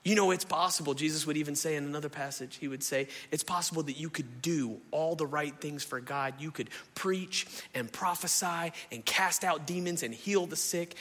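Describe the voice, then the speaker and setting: Animated preacher in a hall. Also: male voice, on the high side. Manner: animated, conversational preaching, addresses crowd as y'all. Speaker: pastor. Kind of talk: sermon. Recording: echoey hall.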